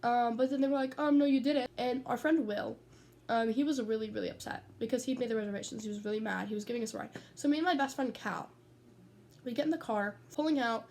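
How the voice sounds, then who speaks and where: Speaking fast with a darkish, slightly high voice and some vocal fry, a teenage girl rambles casually from her bedroom at home. She's a vlogger who tells stories, drifts off topic, and curses freely.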